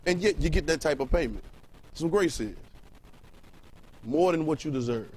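A man's voice: fairly high pitch, lively intonation, moderate pace, darkish tone, husky, rough recording. A male preacher giving a sermon in a loose, colloquial way. He repeats words as he builds a point, reads scripture, and keeps asking the congregation questions. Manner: colloquial, fires rhetorical questions at the room. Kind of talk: sermon with Bible reading.

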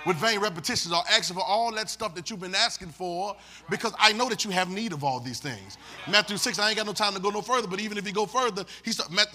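A man preaching a sermon with folksy, laughing asides, leading call-and-response and swinging from quiet talk to shouts. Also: high voice. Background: congregation responding.

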